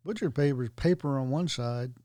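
A middle-aged man with an ordinary mid-range voice, co-hosting a relaxed podcast chat. He speaks matter-of-factly and drops in dry wisecracks. The sound is dry and close. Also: mid-range voice, a little fast, no echo. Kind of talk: casual chat.

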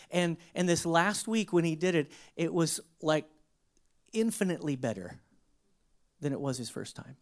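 Animated pastor swinging loud to hushed. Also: male voice, normal speed. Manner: animated, swinging from emphatic bursts to hushed low asides; conversational, with rhetorical questions and restarts. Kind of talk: sermon.

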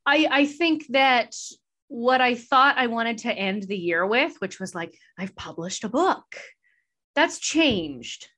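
A woman's voice: on the high side, lively intonation, takes it slowly, bright, forceful tone. A woman podcast host answering interview questions in a candid, reflective way, laughing easily. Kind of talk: casual conversational interview.

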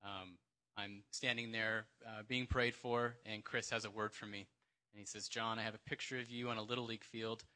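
Man, church testimony, low voice, very bright tone, halting, many fillers. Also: flat delivery. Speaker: congregation member sharing testimony. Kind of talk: personal testimony at church gathering.

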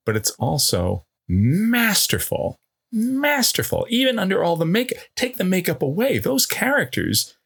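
Brief: male co-host, gravelly and husky, lively pitch. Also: normal speed. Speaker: podcast co-host. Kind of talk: casual film chat.

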